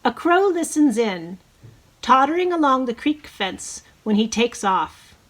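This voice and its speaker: Slow, encouraging woman teacher reading aloud. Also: sits high, sing-song. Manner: slow, encouraging, leads bird-call imitations. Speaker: preschool teacher. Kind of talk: reading a picture book aloud to children.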